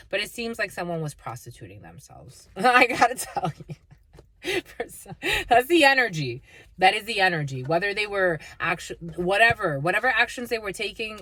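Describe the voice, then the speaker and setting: A woman's voice: low-pitched, a bit bright, dry recording. A woman doing a casual, blunt and profane tarot reading, laughing often. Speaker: tarot reader.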